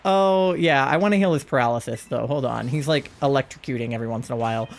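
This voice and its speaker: A young man streaming a game live, gushing excitedly and cooing over cute creatures in casual commentary. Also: medium pitch, fast talker, gravelly.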